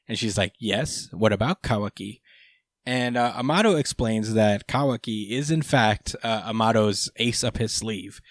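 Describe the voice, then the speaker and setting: A man's voice: fairly low pitch, normal speed, hardly any pauses, no room sound. A man hosting a podcast, casually recapping a comic chapter, swearing freely with lots of fillers. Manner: laid-back, swears freely, many fillers. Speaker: podcast host.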